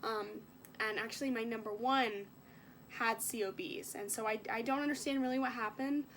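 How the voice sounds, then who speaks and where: A woman's voice: a little high, steady tone, normal speed, a bit bright, slight background noise. Chatty young woman vlogging while sick. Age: young adult. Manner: chatty, filler-heavy, emotional retelling. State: sick, coughing. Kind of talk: casual vlog chat.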